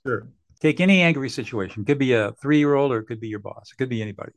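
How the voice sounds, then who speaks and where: A man's voice: mid-range voice, animated, fast. An older man, a mediator guest on a podcast, explaining earnestly and acting out what parents and bosses say. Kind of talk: podcast interview.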